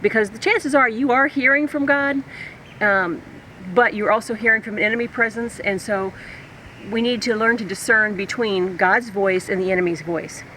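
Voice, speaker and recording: A woman's voice: medium pitch, moderate pace, pushed and bright, low-quality recording. Woman, Bible teacher, step-by-step instruction, scripture reading, mid-range voice, faint background hum. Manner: step-by-step, checks in with "okay?". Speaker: Christian teacher.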